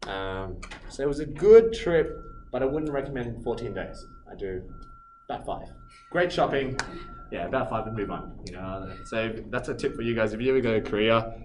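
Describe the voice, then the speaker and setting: A man casually telling a travel story, animated and laughing often, acting out what people said. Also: mid-range voice. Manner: animated, acts out quotes, laughs a lot. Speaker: storyteller recounting a trip. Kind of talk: casual anecdotal chat. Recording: roomy echo, distant mic, background noise.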